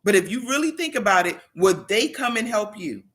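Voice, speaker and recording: A woman giving a motivational talk to her livestream audience, with a bright, forceful tone. She leans on repetition and emphasis like a preacher, pressing her points home. Her pitch sits in an ordinary middle range. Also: sing-song, fairly quick. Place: home in South Carolina.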